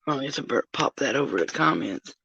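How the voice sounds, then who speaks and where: A woman's voice: a bass voice, very animated, fast talker, creaky, a bit bright, husky, no echo, lo-fi sound. A woman talking casually to her stream viewers while in pain, groaning and swearing often as she moves around. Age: older. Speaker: vlogger. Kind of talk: casual live-stream chat.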